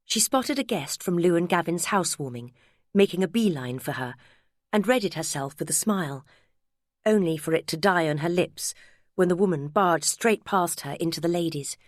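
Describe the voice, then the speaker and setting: A woman narrating an audiobook in a measured, wry storytelling manner, close to the mic. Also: on the low side, no room sound. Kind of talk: scripted narration.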